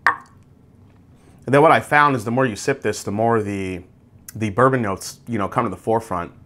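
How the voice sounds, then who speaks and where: A man hosting a casual whiskey tasting review, describing tasting notes aloud in a relaxed, conversational way. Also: lowish voice, normal speed. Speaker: whiskey reviewer, channel host.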